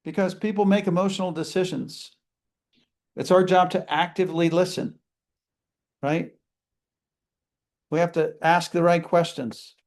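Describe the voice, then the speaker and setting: A high-voiced man with a darkish tone leads a live customer service seminar at a measured pace, pausing often. He speaks energetically and breaks into brief acted-out greetings to demonstrate how a phone call should sound.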